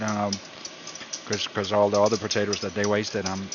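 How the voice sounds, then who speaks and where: A man's voice: on the low side, flat delivery, moderate pace. A man cooking on a casual stream, rambling and joking and repeating himself as he works. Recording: dull lo-fi sound with background noise.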